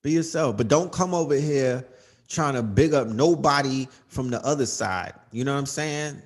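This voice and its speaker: A man's voice: medium pitch, normal speed. A man hosting a livestream, ranting in an emphatic, profane, casual way, often asking "you know what I mean.". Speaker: livestream host.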